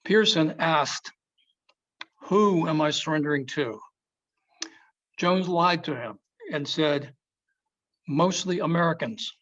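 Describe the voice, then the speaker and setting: A man's voice: fairly high pitch, slow, pauses often, fairly bright tone. A man giving a storytelling history talk as a museum speaker, emphatic and quoting historical figures. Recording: dull lo-fi sound.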